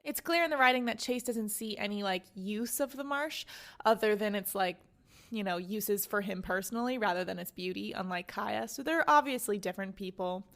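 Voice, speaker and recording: A woman's voice: mid-range voice, moderate pace, vocal fry, a bit bright. A woman in her twenties hosting a casual book recap podcast, retelling the story in a chatty way with lots of "like" fillers and little giggles. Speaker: podcast host.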